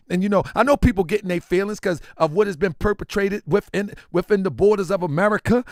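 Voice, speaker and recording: A man's voice: high voice, vocal fry, no room sound, clean studio sound. A man hosting an opinion commentary show, speaking emphatically and repeating his points, calling his listeners family. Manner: emphatic and repetitive, addressing viewers as family. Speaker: commentary channel host.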